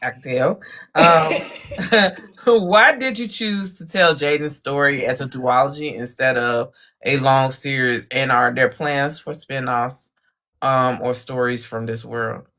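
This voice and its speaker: A woman's voice: very deep voice, a little slow, a bit bright. A woman hosting a casual interview podcast, laid-back with short reactions. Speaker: podcast host.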